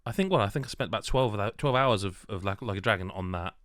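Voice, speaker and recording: A man's voice: on the low side, quick pace, a bit bright, no echo, studio quality. A British man hosting a podcast in casual chat, with an articulate radio-host voice and a rambling, self-deprecating manner.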